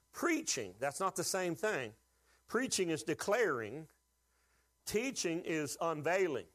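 A man's voice: high voice, a bit bright. A man preaching a sermon, with folksy humor and call-and-response questions to the congregation. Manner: folksy humor, acts out quoted voices. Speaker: pastor.

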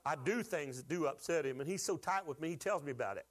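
A man's voice: fairly high pitch, fast. A man preaching a sermon to his church, folksy and joking, asking the congregation to call out answers. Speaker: pastor.

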